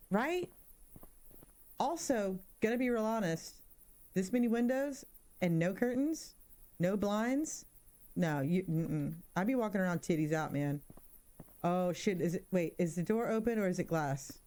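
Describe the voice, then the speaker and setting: A woman's voice: lowish voice, unhurried, pauses often. A woman in her thirties doing casual let's-play commentary, joking around and spooking easily. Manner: animated, jokey, easily spooked. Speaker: gaming streamer.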